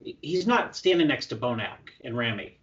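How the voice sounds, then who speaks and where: A male coach in a casual interview, telling stories in an animated, excitable way with many restarts. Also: mid-range voice, normal speed, recorded from a distance, muffled recording. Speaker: prep coach.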